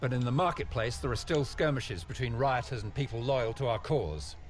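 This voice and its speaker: A sneering, sarcastic noble cousin, as an actor plays him. He talks down to others at an even middle pitch, every word dripping with mockery. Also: moderate pace, natural voice. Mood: smug. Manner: mocking, sarcastic.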